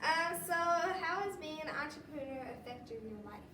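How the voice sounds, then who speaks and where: A woman's voice: high voice, animated, moderate pace, sharp tone, reverberant, recorded from a distance, a little hiss or hum. A young woman hosting an interview, polite and respectful, often answering with "yes, ma'am.". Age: young adult. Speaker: interviewer, host. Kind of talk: casual interview chat.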